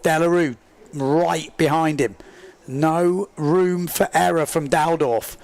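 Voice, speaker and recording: A man commentating a live race stream, excitable and chatty, joking at his own expense as he reads viewer comments. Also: fairly high pitch, dry recording. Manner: excitable, chatty, self-deprecating, rambling with fillers. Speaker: livestream sports commentator.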